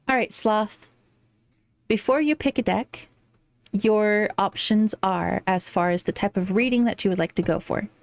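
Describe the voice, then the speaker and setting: Mid-range and a little mellow, a young woman's voice carries a live stream where she reads tarot. Between readings she chats affectionately and casually, giggling and using playful baby talk.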